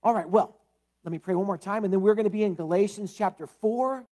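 A man's voice: high-pitched, fairly quick, mellow. A man, the pastor, giving a conversational sermon with prayer and a scripture reading, talking with fillers and casual asides.

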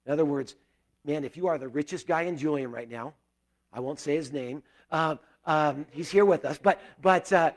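Earnest man preaching, slightly high voice. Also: normal speed. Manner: earnest, conversational preaching with sudden loud bursts and soft prayerful drops. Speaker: pastor. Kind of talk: sermon.

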